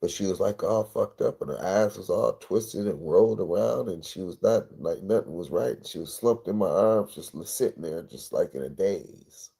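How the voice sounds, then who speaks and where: A man livestreaming, telling a personal story in a rambling, profane, intense way with a gravelly voice. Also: low-pitched, moderate pace, hardly any pauses, mellow. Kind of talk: emotional storytelling monologue.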